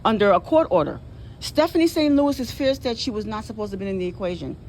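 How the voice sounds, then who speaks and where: Woman, tired, indignant, repeats herself, average pitch, outdoor phone recording, traffic noise. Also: animated, fast, a little mellow, poor audio. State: tired, walking with a cane. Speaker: public housing tenant. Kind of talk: casual vlog filmed on a phone. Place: outdoors around housing buildings. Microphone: handheld phone.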